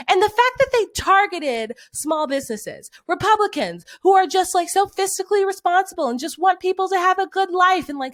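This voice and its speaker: A woman's voice: extremely high pitch, a bit bright. A woman in her twenties, a podcast co-host, delivering an angry, profane, exasperated rant in casual chat. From United States. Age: 20s.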